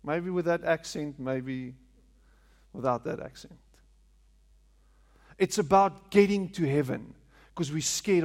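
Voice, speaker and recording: A man's voice: sits high, fairly bright tone. A man preaching a sermon, repeating phrases for emphasis and asking rhetorical questions in a large hall. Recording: long hall reverb.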